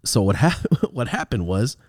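A man tells a story on his podcast in a loose, casual way. His pitch swings widely as he acts out what people said, and he swears and laughs a lot. The sound is dry and close, with no room echo. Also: sing-song, moderate pace. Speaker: podcast host.

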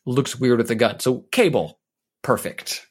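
A man co-hosting a podcast, chatting casually and joking around with mock sales pitches. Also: measured pace, breathy edge. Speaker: co-host.

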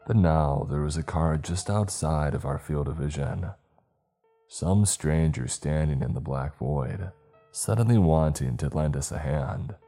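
A man telling a scripted horror story in the first person in a measured, ominous way. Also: very deep voice, warm tone.

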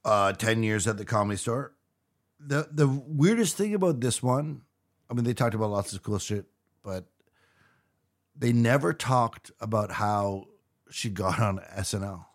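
A man's voice: fairly low pitch, expressive, a little slow. A man co-hosting a podcast in casual chat, rambling loosely and chuckling as he talks. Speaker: podcast co-host.

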